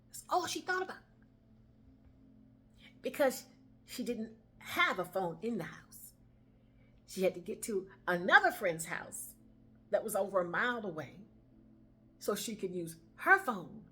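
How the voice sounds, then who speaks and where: A woman's voice: medium pitch, husky. A woman telling a dramatic story aloud, acting out the dialogue and dropping into whispers. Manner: expressive, acts out dialogue, drops to whispers.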